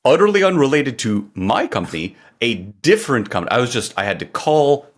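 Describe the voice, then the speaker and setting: A man's voice: mid-range voice, sing-song, brisk. A man co-hosting a podcast in casual chat, wry and sarcastic as he tells stories. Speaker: podcast co-host.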